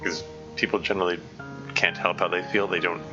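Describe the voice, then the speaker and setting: A man's voice: low voice, level tone, a little fast. Man giving casual developer commentary. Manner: casual and self-deprecating, with stammered restarts. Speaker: game mod developer. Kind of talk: let's-play narration and developer commentary. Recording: dull lo-fi sound with music behind.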